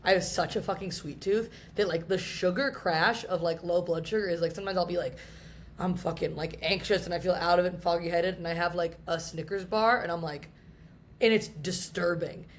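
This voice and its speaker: A woman's voice: fairly low pitch, brisk, slight background noise. Young woman swearing and laughing in chat. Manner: candid, swears freely, laughs often. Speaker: podcast co-host. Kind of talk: casual comedic chat.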